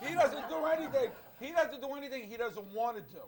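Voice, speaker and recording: Rambling talk show host, high voice. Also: male voice, animated, a little fast, a faint crowd. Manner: rambling with restarts, admiring. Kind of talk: casual talk show chat.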